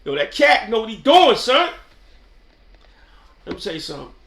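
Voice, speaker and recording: High, bright-voiced New man rambling. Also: sing-song, normal speed, vocal fry, roomy sound. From New York. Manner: slangy, rambling, keeps asking "you know what I'm saying". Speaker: channel host. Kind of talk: casual off-the-cuff commentary.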